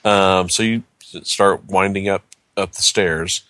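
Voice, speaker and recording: A man narrating as game master, describing scenes in a halting way. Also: low-pitched, steady tone, bright, forceful tone, no echo. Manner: halting, descriptive, searches for words.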